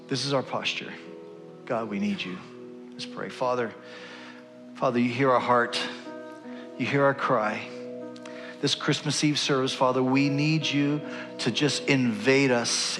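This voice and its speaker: A man's voice: mid-range voice, measured pace, long pauses. A man leading his congregation in earnest prayer during a church service, rising toward fervent pleading. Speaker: pastor. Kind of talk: sermon prayer. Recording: long hall reverb with music behind. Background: instrumental worship music.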